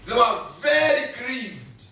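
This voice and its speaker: A man's voice: extremely high pitch, big pitch swings, takes it slowly, sharp tone. A male pastor, preaching a sermon with emphatic repetition. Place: church hall. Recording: echoey hall, voice from far off.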